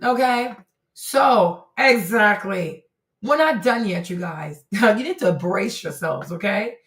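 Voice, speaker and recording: Woman streamer ranting about clips, blunt and laughy, roomy echo, mid pitch. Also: slow, a bit bright. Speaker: commentary stream host. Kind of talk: casual commentary on clips.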